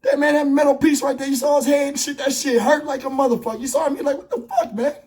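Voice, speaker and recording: Hoarse male vlogger with a high voice, fiery, profane commentary, close lavalier sound. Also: flat delivery, very fast, a little mellow. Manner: blunt, profane, impassioned ranting. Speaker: YouTube commentator. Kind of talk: angry commentary vlog. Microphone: wireless lavalier.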